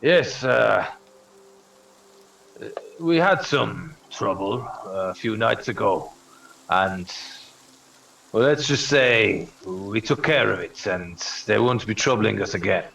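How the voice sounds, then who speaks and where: A tall, rough swamp camp leader who speaks bluntly in halting bursts, as a man puts him on. His voice sits low and comes across the table from a distant mic, with faint noise underneath. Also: animated, a bit bright, exaggerated voice. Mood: guarded.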